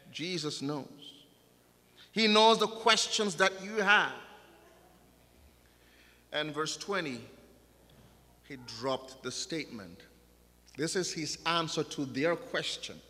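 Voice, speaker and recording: Man preaching in church, slow and dramatic, loud then hushed, big echoey hall. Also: fairly high pitch. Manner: dramatic preaching that swings between loud exclamations and hushed lines. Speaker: pastor. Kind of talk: sermon. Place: church sanctuary. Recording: long church hall reverb.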